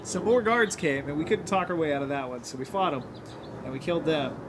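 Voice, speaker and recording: A man casually recounting a live-action role-play adventure, animated and quick to jump into voices. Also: fairly high pitch, background noise. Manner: animated, jumps into voices while retelling. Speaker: larp player recounting a game. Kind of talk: casual storytelling chat.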